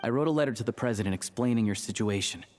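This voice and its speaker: An actor playing a calm, friendly young man who works at a theater, in a game. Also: lowish voice, racing, a little hiss or hum, natural voice. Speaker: game character.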